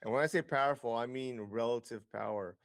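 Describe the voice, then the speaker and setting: A man's voice: medium pitch, brisk, no echo, studio quality. A man as an interview guest, explaining investing with lots of figures, fillers and restarts. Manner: explanatory, data-heavy, frequent fillers and restarts.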